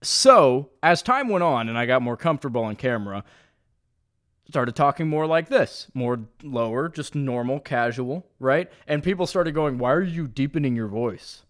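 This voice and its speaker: A young man in his own room, talking straight through a casual solo podcast. He rambles from story to story, swears freely and leans on crude jokes, in a voice that sits at an ordinary middle pitch for a man. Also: lively intonation, moderate pace, a bit bright. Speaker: podcast host. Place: indoor room at home.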